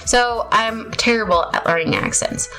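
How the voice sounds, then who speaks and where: A woman's voice: on the high side, normal speed, pushed and bright. Chatty woman narrating her game. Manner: chatty, rambling, self-mocking. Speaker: gamer narrating her play. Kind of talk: casual gameplay commentary. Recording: faint music behind.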